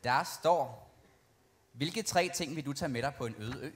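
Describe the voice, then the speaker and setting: A man's voice: mid-range voice, moderate pace, fairly bright tone. A man reading questions aloud plainly to pageant contestants. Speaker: question reader.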